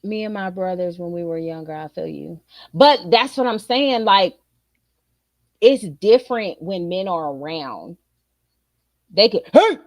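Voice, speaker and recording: A middle-aged woman streamer giving a blunt, profane, animated opinion rant to her viewers. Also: lowish voice, a little slow, long pauses, no echo, studio quality.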